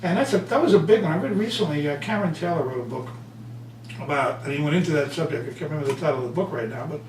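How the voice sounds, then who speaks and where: A man being interviewed as an author and speaker, telling stories with lively acted-out quotes. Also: a little high, rapid-fire. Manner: animated storyteller, acts out quotes. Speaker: guest author and motivational speaker. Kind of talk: conversational interview. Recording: roomy, distant mic, faint hum.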